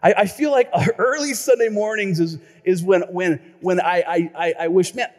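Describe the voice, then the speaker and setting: Male pastor, high voice, lively storyteller, sermon with long hall reverb. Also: normal speed. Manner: lively storytelling, repeats words when excited.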